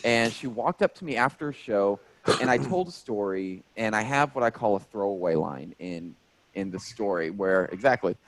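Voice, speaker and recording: A man in his thirties, a stand-up comedian telling stories in a casual interview, animated and jokey. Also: fairly low pitch, moderate pace, no echo, poor audio. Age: 30s.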